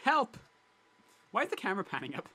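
Lively, bright-voiced young man. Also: on the high side, fast. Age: young adult. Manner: sarcastic, teasing, mock-indignant. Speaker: gaming commentator. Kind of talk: casual gaming commentary.

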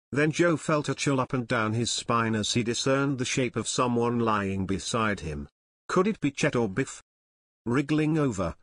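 A man narrating an audiobook in a steady, even storytelling manner, close to the mic. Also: mid-range voice, no echo.

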